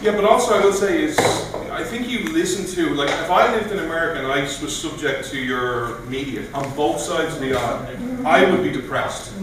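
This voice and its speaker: A man giving an animated speech at a political meeting, telling stories and acting out quoted voices. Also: a little high, brisk, hardly any pauses, noisy background. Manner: animated, storytelling with mock voices. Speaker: guest speaker. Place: meeting room. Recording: echoey room from far off.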